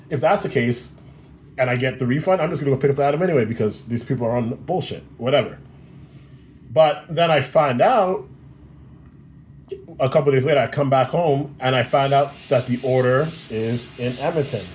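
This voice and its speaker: A man's voice: mid-range voice, a little mellow. A man telling a frustrating customer-service story on his vlog in a blunt, exasperated way, swearing freely. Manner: blunt and profane, exasperated retelling. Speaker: vlogger. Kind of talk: casual storytelling rant.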